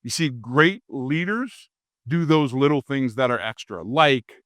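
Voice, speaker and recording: A middle-aged man from Louisiana giving a humorous leadership keynote, a lively storyteller who acts out quoted voices. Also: mid-range voice, a little slow, no room sound, studio quality. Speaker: keynote speaker. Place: conference stage.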